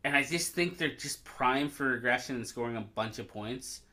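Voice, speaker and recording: Bright-voiced hesitant male podcast co-host. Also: mid-range voice, normal speed. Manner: hesitant, thinking aloud with fillers. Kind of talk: casual chat.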